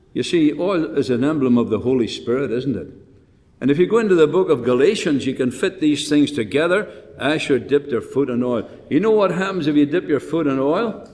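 A man's voice: medium pitch, darkish tone. Older preacher man in a reverberant hall. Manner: folksy, rambling, frequent restarts and rhetorical questions. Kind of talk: sermon.

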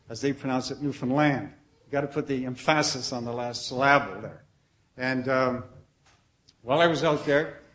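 A man preaching a sermon in an earnest, conversational way, asking the congregation questions and dropping softly at the ends of phrases. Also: medium pitch.

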